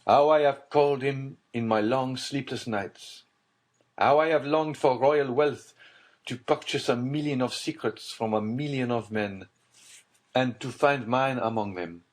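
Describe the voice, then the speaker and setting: Raising his voice above its own register to a medium pitch, a man performs an audiobook character: a desperate, middle-aged nobleman. He sounds natural and unhurried, yet the reading stays grave, tense and urgent.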